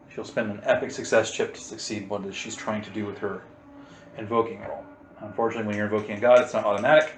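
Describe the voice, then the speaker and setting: A man's voice: lowish voice, background noise. A man running a tabletop game as game master, steadily explaining rules and narrating the action. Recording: echoey room.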